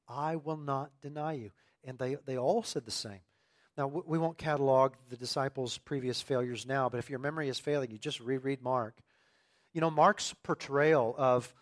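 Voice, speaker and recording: A man preaching a sermon, emphatic and earnest, swinging from loud declarations to quiet asides and often repeating phrases. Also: a little high. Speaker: pastor.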